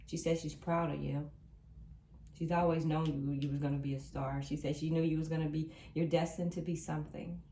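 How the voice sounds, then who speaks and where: This tarot reader speaks in a low, mellow register with a flat delivery and a fairly quick pace, reassuring her viewers with emphasis and circling back to her main points. There's slight background noise, and the far-off mic makes the room audible.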